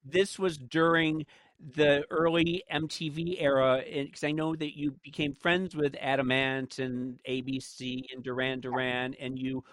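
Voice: medium pitch, level tone, a little slow, no room sound. A host with a mid-range voice guides a casual interview. The host sums up the guest's past before asking each question and laughs along with her. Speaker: podcast host.

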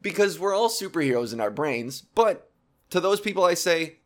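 Young male host, a touch high-pitched, sarcastic rambler, casual explainer, swears freely. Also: animated, moderate pace, fairly bright tone. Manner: rambling, sarcastic, profane asides. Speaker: video host.

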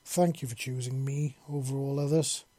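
A man voicing a horned, scaly female lizard warrior who speaks softly and affectionately in a storybook reading. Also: medium pitch, steady tone, moderate pace, no echo, natural voice. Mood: soft, loving. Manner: soft, affectionate purring.

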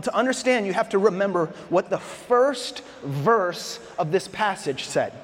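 A man preaching a sermon as pastor, animated and acting out the people in his story. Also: high voice, in a large hall. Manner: animated, acts out voices of disciples and Jesus.

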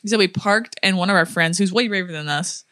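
Chatty young woman with a low voice. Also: a little fast, bright, forceful tone, dry recording, clean studio sound. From Florida. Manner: chatty storyteller with many fillers and laughs. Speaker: podcast co-host. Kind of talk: casual chat.

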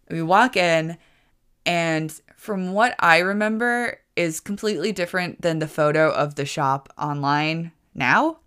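A woman's voice: on the low side, fairly bright tone, clear, resonant tone. A woman hosting a podcast, telling a personal story in a rambling, self-correcting way and laughing at her own jokes. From United States. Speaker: podcast host. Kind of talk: casual storytelling.

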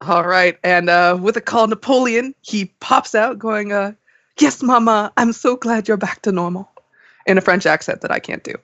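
Female guest, giggly casual recap, mid pitch, lo-fi mic. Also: normal speed, a bit bright, no echo. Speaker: podcast guest. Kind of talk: casual chat recapping a manga chapter.

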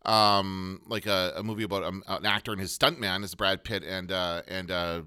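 A man co-hosting a casual podcast chat about movies, rambling and pausing to look things up. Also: sits low, fairly even intonation, bright, forceful tone, clean tone. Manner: rambling, looks things up mid-talk. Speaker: podcast co-host.

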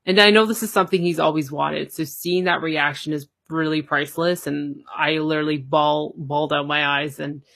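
A woman's voice: low-pitched, steady tone, moderate pace, creaky, hardly any pauses, a bit bright, dry recording, studio quality. A woman guest telling a personal story in casual talk, full of fillers and acted-out quotes. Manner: chatty, many fillers, acts out quoted dialogue. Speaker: podcast guest.

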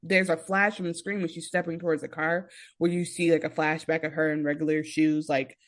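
A woman's voice: low-pitched, level tone, brisk. A young woman co-hosting a podcast in casual chat, rambling through a recap and acting out quotes. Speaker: podcast co-host.

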